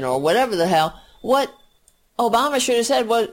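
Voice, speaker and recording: A woman's voice: lowish voice, lively intonation, a little slow. A woman delivering an angry political rant, swearing freely, tripping over her words and mocking others with sarcastic put-on voices. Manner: profane, sarcastic, mocks people in put-on voices; restarts and stumbles while fuming.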